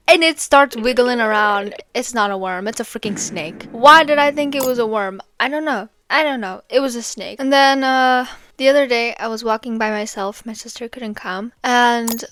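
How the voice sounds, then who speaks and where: A woman's voice: fairly high pitch, a bit bright. A teenage girl chatting casually and telling funny stories over gameplay, giggling and squealing in her quoted reactions. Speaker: gaming vlogger.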